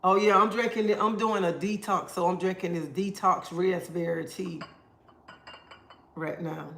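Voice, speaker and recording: High-voiced man giving livestream advice. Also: fairly even intonation, a little slow, vocal fry, pushed and bright. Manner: preachy, advice-giving, answers viewer comments. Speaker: livestream host. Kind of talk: casual livestream chat. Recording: roomy echo.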